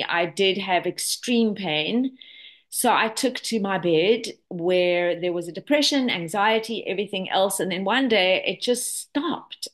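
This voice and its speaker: A woman in her sixties from South Africa speaks in an animated, chatty way, full of fillers and personal asides. Her voice sits at a middle pitch, and she sounds like she is on a video call. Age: 60s. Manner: chatty, enthusiastic testimonial with many fillers. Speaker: presenter. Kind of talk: online product presentation.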